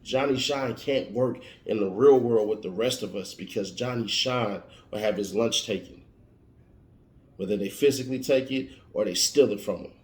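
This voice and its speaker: A man giving an emphatic motivational monologue, warning and repeating his points like a preacher. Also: mid-range voice. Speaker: motivational speaker. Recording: roomy echo.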